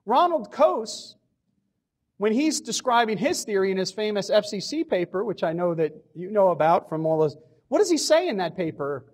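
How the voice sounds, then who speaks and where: A man's voice: high-pitched, big pitch swings, brisk, darkish tone. A man giving a public lecture on economics, emphatic, repeating key phrases and posing questions he then answers himself. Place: lecture hall.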